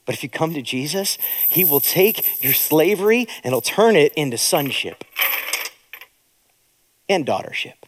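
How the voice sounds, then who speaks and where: Man, pastor, sermon, earnest, consoling, hushed emphasis, slightly high voice, long hall reverb. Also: sing-song, unhurried, long pauses, a little hiss or hum.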